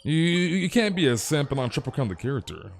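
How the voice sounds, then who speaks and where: A man's voice: fairly high pitch, very animated, fast talker, vocal fry. A young man streaming a game, chatting casually in slang and often stumbling over repeated words. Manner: stammering repeats, slangy, reads chat aloud. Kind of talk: casual live-stream chat while gaming.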